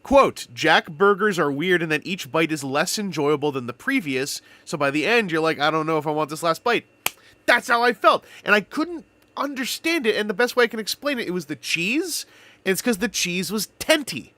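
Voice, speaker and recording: Canadian guy streaming, rambling funny stories, pitch jumping all over, dry close mic. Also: normal speed, dry recording. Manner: rambling, animated storytelling with playful wordplay. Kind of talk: casual live-stream chat.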